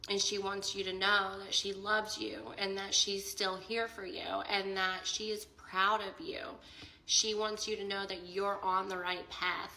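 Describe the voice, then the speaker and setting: A woman's voice: mid-range voice, sharp tone, roomy sound, rough recording. A young woman telling an emotional personal story in a casual vlog, quoting both sides of a conversation and saying "like" a lot. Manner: tearful and emotional near the end. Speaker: vlogger.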